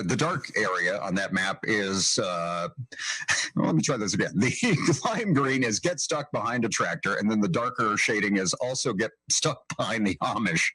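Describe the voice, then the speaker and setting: Host role: husky-voiced man from Northeast Indiana, animated pitch, dry close sound, chuckles through his rundown. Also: no echo, poor audio. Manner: chuckling, rambling commentary on maps. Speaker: show host. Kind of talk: casual chat.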